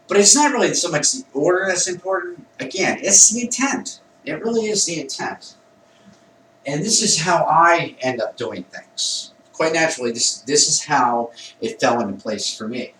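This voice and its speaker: A man, a Wicca priest, calmly explains a ritual step by step in a plain conversational way, sometimes correcting himself. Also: medium pitch, a little hiss or hum. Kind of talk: instructional ritual demonstration. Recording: echoey room, mic at a distance.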